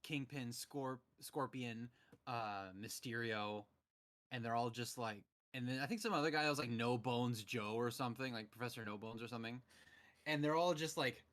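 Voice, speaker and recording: A young man chatting casually over a voice call, his voice bright and forward. He tells stories with animated energy and keeps slipping into the lines he quotes. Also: medium pitch, moderate pace. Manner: animated storytelling, acting out quotes. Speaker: podcast host. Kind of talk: casual chat.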